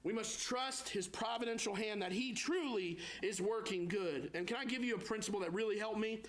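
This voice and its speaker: A man with a high, light voice delivering a lively sermon. He weaves in personal anecdotes and acts out fretful prayers, climbing higher in pitch as he plays the worried believer. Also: fairly quick. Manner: animated preaching, acts out prayers in a high pleading voice. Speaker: pastor.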